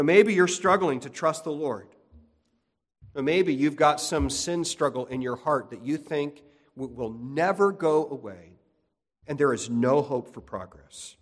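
An earnest male pastor delivering a sermon, repeating his main points and restarting phrases as he goes. His voice sits slightly high for a man, and long reverb trails off every sentence. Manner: earnest, repetitive emphasis with frequent restarts.

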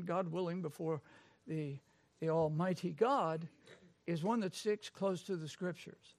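A man preaching a sermon, swinging from low conversational asides to loud, proclaimed passages. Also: measured pace, no room sound. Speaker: pastor.

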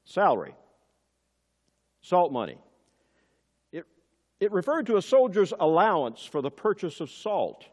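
A man preaching a sermon as pastor, building to emphatic, forceful peaks and dropping back to quiet asides. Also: wildly swooping pitch, unhurried, long pauses. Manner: emphatic preaching with sudden rises in pitch and force. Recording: long hall reverb.

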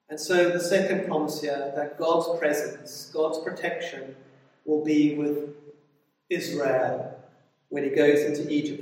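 A man preaching a Bible study sermon emphatically, with repeated words and swings between loud declarations and quiet asides. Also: on the high side. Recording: echoey hall, voice from a distance.

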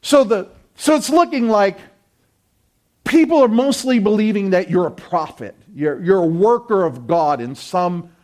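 A man pastor preaching a sermon with emphatic, drawn-out declarations while the congregation answers back. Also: sits high, lively intonation, a little mellow. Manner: emphatic preaching with call-and-response.

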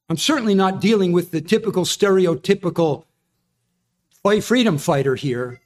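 A male preacher delivering a sermon, earnest and emphatic. His voice sits a little higher than most men's. He explains each point with steady conviction.

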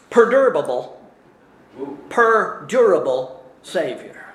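Slow, lively-voiced preacher in an echoey hall. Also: male voice, sits high, slight background noise. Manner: animated, laughs at his own stumbles. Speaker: pastor. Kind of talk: sermon.

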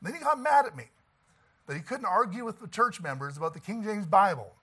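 High, lively-voiced man preaching. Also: a little fast, breathy edge. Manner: emphatic, folksy preaching with frequent laughs and "Amen?". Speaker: pastor. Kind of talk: sermon.

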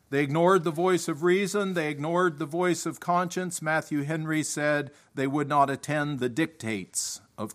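A man preaching a sermon, reading scripture aloud with deliberate emphasis and reasoning with his listeners. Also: on the high side, fairly bright tone.

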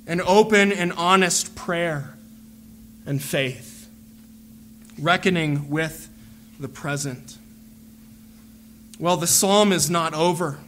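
A man preaching a sermon as a pastor, earnest and deliberate, repeating phrases as he builds a point. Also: sits high, sharp tone, a little hiss or hum.

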